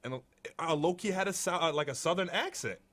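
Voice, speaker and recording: Young male podcast co-host, deep voice, laid-back chat. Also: fairly quick. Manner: relaxed, conversational, many fillers. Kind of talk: casual chat.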